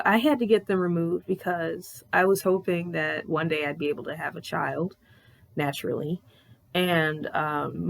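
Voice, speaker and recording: A woman in her thirties telling a personal story on her vlog in a candid, animated way, swearing freely. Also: fairly low pitch, vocal fry. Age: 30s. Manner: candid, profane, animated retelling. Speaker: vlogger.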